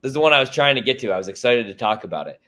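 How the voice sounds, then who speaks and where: A man hosts a casual sports podcast, and his pitch swings widely as he fires off blunt, profane opinions. He talks in a loose, animated way. He is from Chicago. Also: very fast.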